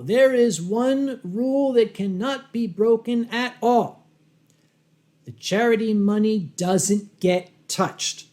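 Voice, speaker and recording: A man telling a humorous story live, dry and wry, with dramatic pauses, acting out his own rehearsed lines and clearing his throat often. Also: high voice, warm tone. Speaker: convention storyteller.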